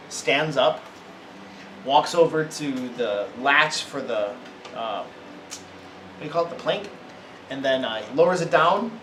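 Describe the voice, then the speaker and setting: A man narrating and refereeing a tabletop role-playing game in a relaxed, conversational way. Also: medium pitch. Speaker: game master. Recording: echoey room, distant background noise.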